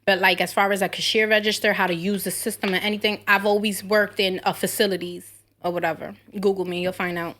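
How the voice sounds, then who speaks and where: A woman's voice: medium pitch, fast talker. A woman in her thirties hosting a podcast, telling brash, profane stories in casual chat. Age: 30s. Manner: brash, profane storytelling with animated quoted voices. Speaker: podcast host.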